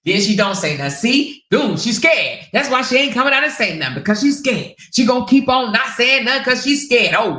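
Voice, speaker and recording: A woman's voice: fairly high pitch, very animated, brisk, hardly any pauses, bright, forceful tone, reverberant. A woman hosting her own channel, chatting bluntly and profanely and laughing often as she comments to her viewers. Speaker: channel host. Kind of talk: casual live-stream commentary.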